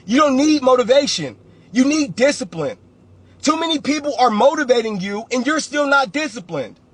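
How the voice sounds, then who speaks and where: Man, very high husky voice, blunt and preachy, repeats himself, motivational livestream. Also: sing-song, moderate pace, a bit bright. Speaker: real estate investor and coach.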